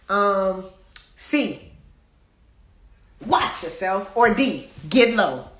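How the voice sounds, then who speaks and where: Sing-song and slow, with frequent pauses, a mid-range female voice hosts a live card game. She reads the cards playfully and sings snippets of songs in an echoey room.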